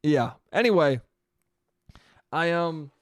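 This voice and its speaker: A man's voice: on the high side, lively intonation, slow pace, dry recording. Rambling, foul-mouthed young man. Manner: profane, rambling, self-interrupting. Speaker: podcast host. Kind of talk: solo comedic podcast monologue.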